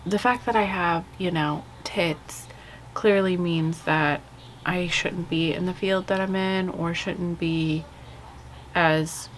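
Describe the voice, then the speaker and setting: Slow-talking woman chatting through her makeup. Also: fairly low pitch, steady tone, slight background noise. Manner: chatty, rambling, candid, frequent "like" and "you guys". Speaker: beauty vlogger. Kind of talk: casual chat while doing makeup. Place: home with kids' video playing behind.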